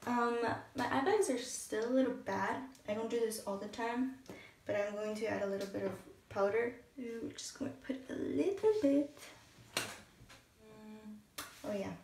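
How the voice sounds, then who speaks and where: Unhurried and a little mellow, her slightly high morning voice walks through her makeup routine at home. The young beauty vlogger is chatty but hesitant, thinking aloud, in an echoey room with a distant mic and a shower running elsewhere in the house.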